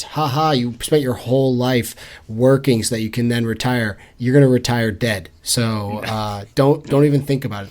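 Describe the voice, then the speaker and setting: A man hosting a casual book podcast, joking and acting out characters' lines. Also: mid-range voice. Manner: jokey, animated, acts out quotes. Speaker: podcast host. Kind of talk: casual chat.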